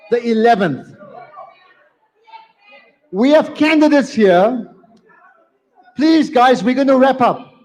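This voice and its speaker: An extremely high-pitched, slightly mellow-voiced man moderates a live debate at a community centre hall, with long hall reverb in the recording. He speaks emphatically and repeats phrases to hold the room, staying firm but apologetic.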